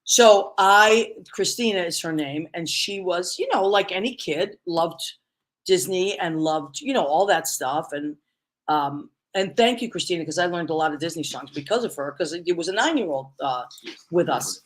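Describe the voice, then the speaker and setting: A woman's voice: fairly low pitch, lively intonation, moderate pace. A woman hosting a casual interview, telling stories with lots of exclamations. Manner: effusive, storytelling with many exclamations. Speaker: talk show host.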